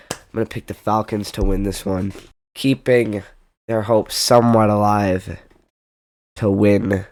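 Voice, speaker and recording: A young man with a lowish voice rambles through his football picks at an unhurried, drawn-out pace. He trails off, corrects himself and tosses in wry asides. The sound is dry and close, with no room around it. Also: a little mellow, dry recording. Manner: rambling, self-interrupting, jokey asides. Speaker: sports predictions vlogger. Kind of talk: casual football picks commentary.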